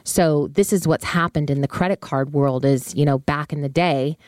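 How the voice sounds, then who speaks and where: A woman's voice: low voice, steady tone, moderate pace, darkish tone, no echo, clean studio sound. A woman hosting a solo finance podcast, explaining credit casually and conversationally with frequent fillers and asides. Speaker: podcast host on personal finance.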